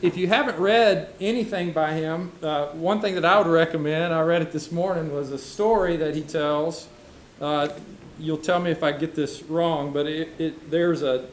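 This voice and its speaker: A man moderating a symposium, introducing a speaker haltingly, with many filler sounds. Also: a little high. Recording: echoey hall, faint background noise.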